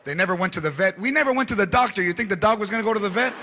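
Mexican-american comic guy, high gravelly voice, big crowd laughing, bit of hiss. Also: animated, very fast. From United States. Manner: acts out relatives with Spanish phrases, bursts of shouting. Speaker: stand-up comedian. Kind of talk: stand-up comedy. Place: large theatre stage. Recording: live theatre audience laughing.

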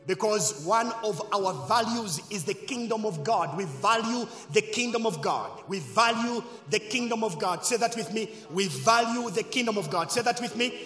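A man preaching a sermon as pastor, leading call-and-response and swinging between loud shouts and quiet asides. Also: high-pitched, animated, moderate pace, hardly any pauses, faint music behind. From Zambia. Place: church hall. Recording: echoey church hall.

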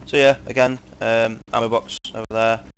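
This Manchester-born gaming host chats with mates over the game, cracking crude jokes and scattering fillers throughout in his local English accent. He speaks at a moderate pace in a medium-pitched voice with little variation in pitch.

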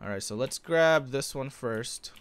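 A young man giving live gameplay commentary, excitable, his voice leaping up when something happens. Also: a little slow, clear, resonant tone. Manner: excitable, voice jumps high when he spots loot. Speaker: gaming YouTuber.

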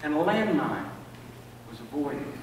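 A man's voice: on the high side, animated, unhurried, slight background noise. An older man preaching a sermon in a church, telling stories and often repeating words as he builds a point. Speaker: pastor. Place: church sanctuary. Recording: echoey church from far off.

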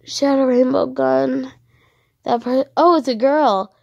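A woman narrating her online game as she plays, excitable and easily frightened, giving running commentary. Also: high voice, a little slow, vocal fry, no room sound, muffled recording. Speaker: gaming channel host. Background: dogs barking sometimes.

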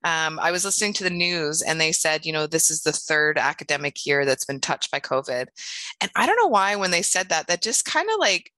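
A middle-aged woman teacher from Canada giving a candid, animated, self-deprecating conference talk. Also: low-pitched, brisk, dry recording.

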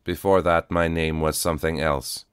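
A man reading the part of a battered old male cyborg, speaking in a flat, calm, measured way. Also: a bass voice, clear, resonant tone, dry recording, studio quality. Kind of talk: audiobook reading.

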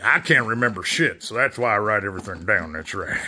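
A man's voice: on the low side, animated, fairly quick, bright, forceful tone, slight background noise, voice pushed down. A man voicing a foul-mouthed, cocky male ventriloquist dummy in a comedy puppet sketch, brash and boastful.

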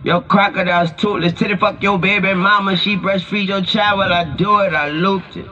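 A man's voice: sits high, steady tone, a little fast, a little hiss or hum. A man rapping in a rhythmic, punchy delivery over a hip-hop beat. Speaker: rapper. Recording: dull lo-fi audio with loud beat. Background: loud hip-hop beat.

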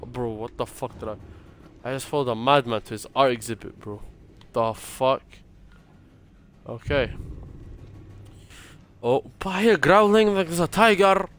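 A young man talks through a horror game in a middle-pitched voice. He swears, mutters prayers under his breath and reacts nervously to every noise. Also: measured pace, pauses often, a bit bright. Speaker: gaming streamer.

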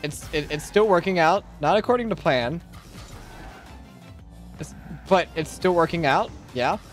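A man streaming a game, chatting casually with rambling restarts and sudden excited outbursts. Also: fairly high pitch, measured pace, soft background music. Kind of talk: casual live-stream gaming commentary.

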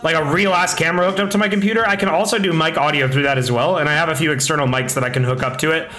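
A young man streaming live, chatting excitably, reading chat aloud and swearing a lot, on a slightly echoey desk mic with faint music behind. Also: fairly high pitch, rapid-fire. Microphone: desk microphone.

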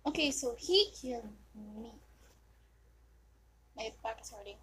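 Excitable high-voiced woman gaming. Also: measured pace, pauses often, breathy edge, rough recording. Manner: excitable, reacts loudly with sudden yelps and muttered whispers. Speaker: gamer commentating her play. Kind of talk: casual gameplay commentary.

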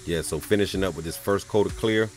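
A man's voice: sits low, fast talker, faint music behind. A man talking casually as an auto body painter, laid-back, with many "um" and "man". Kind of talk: casual voice-over of a paint job.

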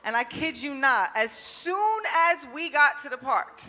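Brash young woman comic, high bright voice, loud and profane, club reverb. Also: expressive, a little slow. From New Jersey. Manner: brash, profane and loud, laughing at her own jokes. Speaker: stand-up comedian. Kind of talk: stand-up comedy set. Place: comedy club stage.

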